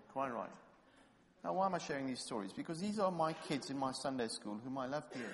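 A man from England preaching a sermon, telling anecdotes and building up to loud, fervent exhortation. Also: fairly high pitch, big-room sound.

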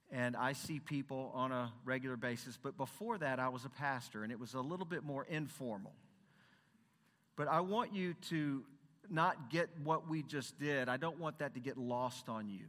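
A man's voice: medium pitch, a bit bright. A man who is a Christian counselor and former pastor gives an earnest, conversational sermon talk from a stage, asking the audience rhetorical questions. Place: stage in a large hall. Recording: long hall reverb.

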